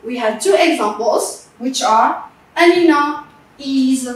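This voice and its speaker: High-voiced woman English teacher, slow and patient, in an echoey room away from the mic. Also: lively intonation, recorded from a distance. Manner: slow and patient, repeats words and checks with "okay?". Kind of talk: classroom grammar lesson.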